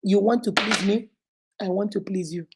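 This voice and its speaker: A woman's voice: medium pitch, moderate pace, background noise. A woman with a Nigerian accent giving emphatic, repetitive motivational advice as the host of her own show.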